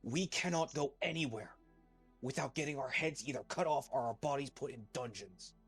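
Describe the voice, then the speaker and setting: A man playing a tabletop role-playing game, arguing in character in a blunt, profane and forceful way. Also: mid-range voice, moderate pace, husky, faint music behind.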